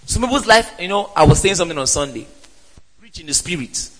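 A man preaching a sermon in an emphatic way, with rhetorical questions and sudden loud exclamations. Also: high voice, expressive, quick pace. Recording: reverberant hall.

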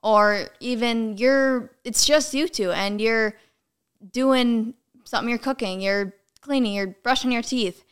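A young woman guest chatting casually, full of "like" and quick giggles. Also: a little high, smooth. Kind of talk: casual chat.

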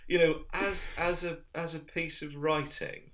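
A man's voice: fairly high pitch, level tone, a little slow, over a noisy crowd. A man chatting casually, retelling sitcom scenes with lots of restarts and acted-out lines. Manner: rambling, many restarts, acts out quoted lines.

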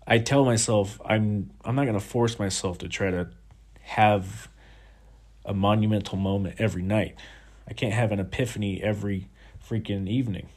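A man with a fairly low voice talks through a candid personal monologue. He sounds reflective and confessional. He restarts his thoughts often and swears casually along the way. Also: a little mellow. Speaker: vlogger.

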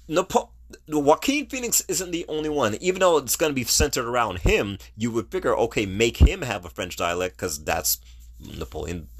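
Animated man ranting about movies. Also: a little high. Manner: animated, ranting, laughs at own jokes. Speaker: podcast host. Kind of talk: casual solo movie commentary.

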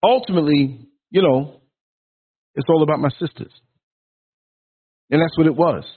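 A man's voice: a little high, normal speed, slightly rough. A man on a call-in show giving an earnest, preachy, musing monologue. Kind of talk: philosophical monologue. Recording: tinny phone line.

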